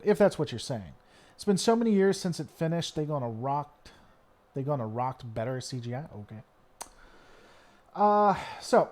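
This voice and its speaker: A man's voice: a little high, darkish tone. A man from Tennessee with a faint Southern American twang, hosting a live stream and chatting casually as he reads and answers viewer comments, rambling with many fillers and restarts. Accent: mild Southern American twang at times.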